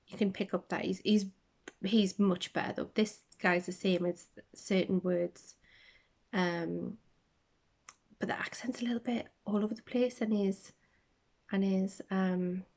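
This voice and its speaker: A woman hosting a casual podcast, rambling through book chat with lots of ums and tangents, sometimes dropping to a soft half-whisper, recorded on a phone. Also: mid-range voice, vocal fry. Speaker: podcast host. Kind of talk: casual chat about books.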